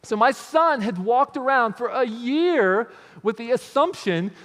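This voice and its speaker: A man with a notably high voice gives a motivational talk from a stage, telling stories in a lively, conversational way. He keeps checking in with the listeners as he goes. His voice carries a long reverb, as if filling a large hall. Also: unhurried. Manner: storytelling, with frequent tag questions. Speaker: speaker on creativity.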